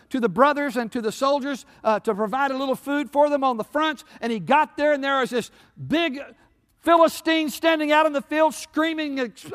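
A pastor preaches a sermon, retelling stories from scripture as his voice swings from loud peaks down to hushed, low passages. The recording carries a long hall reverb.

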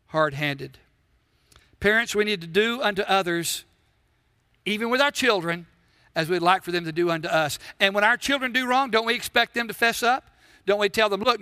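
A middle-aged man delivers a sermon in an earnest, repeating cadence. His voice sits high and sounds bright and forward. The recording is dry, with almost no room sound. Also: smooth, no room sound. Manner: earnest, repetitive preaching with rhetorical questions. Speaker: pastor.

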